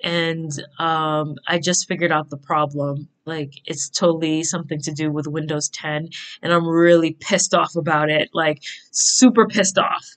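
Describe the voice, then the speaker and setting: A woman's voice: low-pitched, steady tone, a little slow. A young woman, chatting casually while planning her bullet journal, rambling through tangents and giggling. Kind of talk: casual plan-with-me chat. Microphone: desk microphone at a computer.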